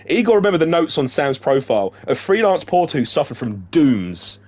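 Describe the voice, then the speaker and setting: A man's voice: a little high, big pitch swings, unhurried, darkish tone, husky. A man reading a novel aloud in a casual way, breaking off now and then to joke and laugh. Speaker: reader of a novelization. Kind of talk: casual read-aloud narration.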